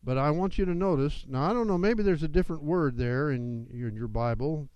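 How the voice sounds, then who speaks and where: A man's voice: a little high, a little fast, a little mellow, clear, resonant tone, dry recording, dull audio. A man preaching a sermon as pastor, with emphatic delivery that rises and falls.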